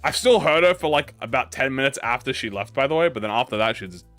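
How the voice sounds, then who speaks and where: A man's voice: medium pitch, animated, fast, fairly bright tone, no echo, soft background music. A young man, a gaming YouTuber, telling a rambling, profane anecdote in casual chat, with lots of restarts.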